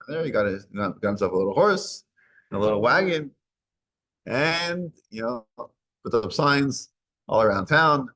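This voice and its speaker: A man's voice: mid-range voice, very animated, normal speed, creaky, pauses often, a bit bright. A man teaching a weekly Torah class, retelling a story and acting out its dialogue. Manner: acts out dialogue in retold stories.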